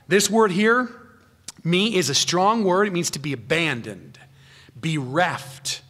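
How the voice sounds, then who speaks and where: Expressive and measured, a man delivers an earnest expository sermon as pastor. For emphasis he rises in pitch and volume before dropping to a low, quiet tone, occasionally correcting himself along the way.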